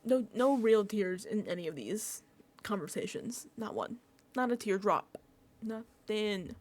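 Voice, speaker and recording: Animated, lively-voiced young woman vlogger. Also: mid-range voice, a little slow. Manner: animated, laughing, exasperated asides. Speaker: reality TV recap vlogger. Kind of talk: casual reaction commentary.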